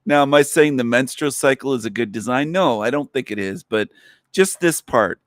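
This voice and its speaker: A man's voice: medium pitch, lively intonation, normal speed, no room sound, studio quality. A man hosting a livestream, giving sarcastic, taunting commentary on a video he plays. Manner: sarcastic, taunting, repeats lines in a mocking voice. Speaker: livestream host.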